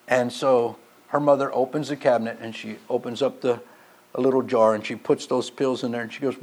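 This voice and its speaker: A man preaching a sermon, telling stories and shifting between emphatic passages and quiet, low asides. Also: fairly even intonation, a little fast. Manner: storytelling, rising to emphatic passages then dropping quiet.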